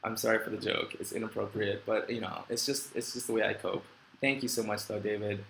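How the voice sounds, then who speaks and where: A middle-aged man chatting on a late-night livestream, heartfelt and a little rambling, breaking up the sincerity with self-mocking jokes. His voice is bright and forward, and it bounces around a roomy space over a faint hiss. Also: on the low side, steady tone, a little fast, creaky. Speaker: host of a live Q&A stream. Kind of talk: casual live-stream chat, reading viewer comments. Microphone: desk microphone.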